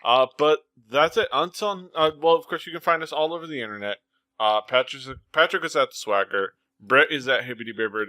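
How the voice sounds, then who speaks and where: A man hosting a podcast in casual chat, rambling with lots of fillers and quick to laugh. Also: medium pitch, sharp tone, no echo. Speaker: podcast host.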